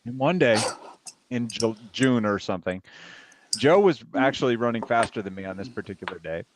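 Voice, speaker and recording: A man's voice: medium pitch, lively intonation, fairly quick, slight background noise. A man, co-hosting a podcast, telling stories in a rambling way and laughing often. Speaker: podcast co-host. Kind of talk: casual storytelling chat.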